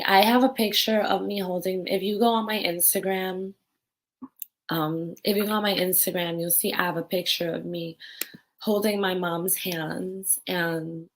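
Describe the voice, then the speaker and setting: Casting: young adult woman, lowish voice, raw and candid, on the verge of tears, personal vlog. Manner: raw, tearful and candid, swears. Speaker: vlogger.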